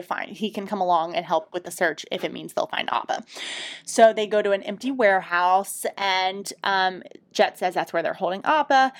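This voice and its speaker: A young woman chats through an episode recap as a podcast co-host. She swears freely and breaks into laughter often, telling scenes at a brisk clip. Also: mid-range voice. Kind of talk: casual recap chat.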